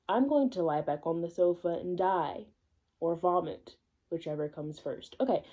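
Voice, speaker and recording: Woman host reading stories aloud, chatty and self-mocking; lowish, mellow voice. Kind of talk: casual reading with chatty asides.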